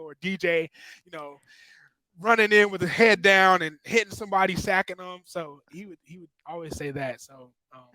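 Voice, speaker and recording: Easygoing young man, slightly high voice. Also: pushed and bright, dry recording, rough recording. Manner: easygoing storyteller with many fillers. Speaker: guest, former college linebacker. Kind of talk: casual podcast interview.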